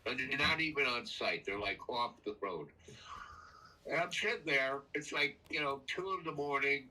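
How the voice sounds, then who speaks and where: A man's voice: mid-range voice, moderate pace, pushed and bright, distant mic, rough recording. An older man telling a meandering personal story that jumps around in time. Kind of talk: rambling personal anecdote.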